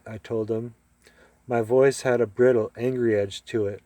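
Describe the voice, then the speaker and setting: A man's voice: medium pitch, flat delivery, a little slow, warm tone, no room sound. A man reading a short story aloud, telling it expressively and acting out the dialogue. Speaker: reader.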